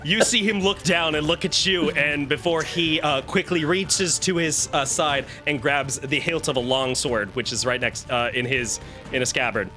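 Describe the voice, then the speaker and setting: A man serves as dungeon master, narrating scenes and ruling on checks in a bright, forward voice. He talks quickly and teases the players. Faint music plays behind him. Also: a little high. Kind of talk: narrating a tabletop game.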